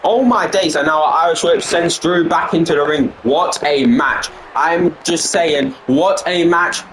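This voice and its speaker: A man giving excited play-by-play wrestling commentary, repeating phrases and exclamations as the action unfolds. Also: fairly high pitch, a little slow, roomy sound, a little hiss or hum, low-quality recording. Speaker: fan commentator.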